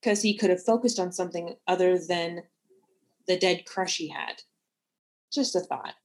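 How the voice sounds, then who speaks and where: A woman co-hosting a casual book-talk show, enthusiastic and quick to laugh as she gives her opinions. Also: lowish voice, darkish tone. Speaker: podcast co-host.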